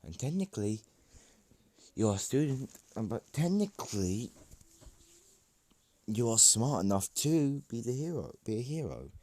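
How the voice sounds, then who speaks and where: A man voicing a calm, matter-of-fact school teacher in a fan story, with rambling explanation. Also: medium pitch, measured pace, pauses often, pitched above the performer's own voice. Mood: explaining.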